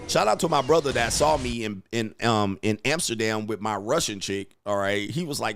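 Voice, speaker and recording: A man's voice: mid-range voice, lively intonation, normal speed. A man hosting a casual commentary show, joking and laughing at his own lines as he rambles. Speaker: commentary show host and dating coach.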